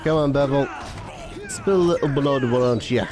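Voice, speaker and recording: A man casually commenting on a game he is playing, excitable and quick to swear at setbacks. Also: medium pitch, music in the background. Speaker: streamer playing a video game.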